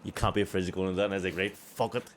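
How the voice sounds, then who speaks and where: A young man with a Belfast accent, co-hosting a podcast and telling profane stories in an animated way, laughing often. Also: low-pitched, very fast, a little hiss or hum. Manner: animated, profane storytelling that keeps breaking into laughter. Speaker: co-host. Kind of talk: casual podcast chat.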